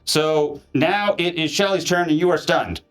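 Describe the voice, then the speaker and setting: A man narrating as game master of a live tabletop game, switching into shouted voices for enemies. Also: a little high, moderate pace, soft background music. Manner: animated, acts out enemy soldiers with shouts. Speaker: dungeon master.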